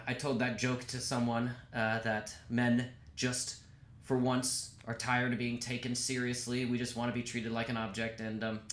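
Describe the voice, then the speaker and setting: Wry comedian in an echoey room. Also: male voice, mid-range voice, a bit bright. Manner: dry, wry and self-deprecating, with filler pauses. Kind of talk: casual stand-up monologue to camera. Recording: echoey room with faint background hiss.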